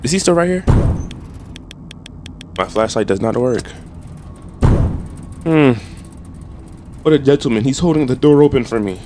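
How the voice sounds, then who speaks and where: A man's voice: mid-range voice, a little slow, long pauses, a little hiss or hum. A young man doing casual, trash-talking commentary while playing a game. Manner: animated, trash-talking, slangy. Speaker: gaming streamer.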